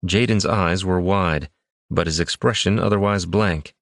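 A man with a very low voice reads a fantasy adventure aloud. His delivery is measured and dramatic, and the sound is close and dry with no room around it. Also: a bit bright, no echo. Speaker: audiobook narrator. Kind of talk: scripted fantasy narration.

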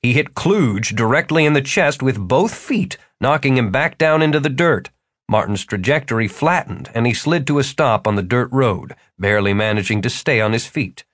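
A male audiobook narrator reading fantasy fiction in a steady, lively storytelling voice. His pitch sits in an ordinary middle range. The sound is dry and close, with no room echo.

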